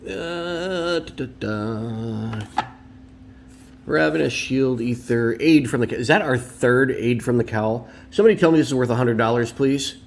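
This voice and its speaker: A man talking at a middle pitch as he opens trading cards at home. His commentary is casual, chatty and opinionated, with rambling asides. There is a faint hiss underneath. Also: fairly quick, few pauses. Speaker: card collector and video host. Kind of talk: casual card-opening commentary.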